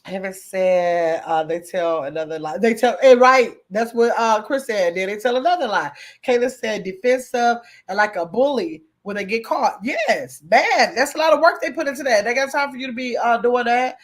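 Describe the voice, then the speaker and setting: A woman hosting a casual livestream, reading viewer comments aloud, chatty and quick to laugh. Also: a little high, expressive. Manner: chatty, laughs often, talks to chat as y'all. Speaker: livestream host.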